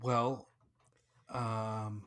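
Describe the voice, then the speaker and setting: A male podcast host speaks extremely slowly in a fairly low, level, slightly bright voice. He narrates a folk tale and then drifts into loose, casual chat full of fillers and jokes.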